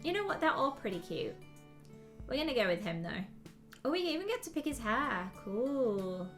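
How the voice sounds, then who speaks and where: A woman's voice: a little high, sing-song, moderate pace, faint music behind. A woman giving chatty, playful commentary while reading a story game aloud. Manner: chatty and playful, reacts out loud. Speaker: gaming YouTuber.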